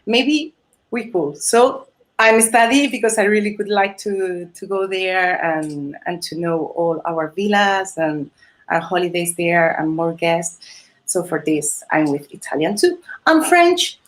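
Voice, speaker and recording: A woman's voice: on the low side, animated, unhurried. A Spanish woman, a Spanish teacher and holiday host, chatting in English with a Spanish accent as a non-native speaker, hesitant with many fillers and restarts and frequent laughs. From Spain. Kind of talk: casual interview chat. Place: video call or live stream.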